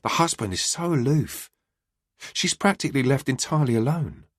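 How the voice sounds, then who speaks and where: For an audiobook, a man performs an empathetic yet firm female police detective, raising his voice above its natural pitch with light acting. His medium-pitched delivery is expressive, at a normal speed, firm and earnest in mood. The recording is dry, with clean studio sound.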